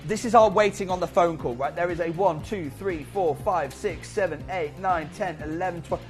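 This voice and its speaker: Tv shopping guy, higher voice, pushy chatty sales talk, faint music behind. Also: normal speed. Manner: urgent, chatty, pushes viewers to buy. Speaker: shopping channel presenter. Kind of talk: live TV sales pitch. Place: TV studio.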